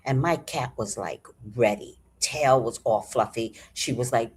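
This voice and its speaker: Husky low-voiced woman telling a story. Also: a little slow. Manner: animated, profane, with frequent sighs and throat-clearing. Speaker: vlogger. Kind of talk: casual storytelling.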